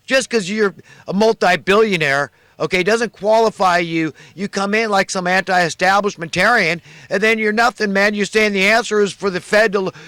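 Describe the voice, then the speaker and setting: Fired-up man ranting with a high voice. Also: no echo. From United States. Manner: angry, ranting, shouts at times. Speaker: political commentator. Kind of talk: impassioned political rant.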